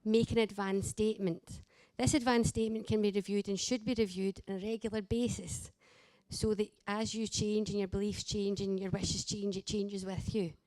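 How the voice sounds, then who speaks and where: A woman's voice: medium pitch, level tone, normal speed, dark tone, dry recording. Woman, earnest and direct, addressing a conference audience; dry close sound. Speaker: carer and daughter, speaker. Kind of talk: conference talk.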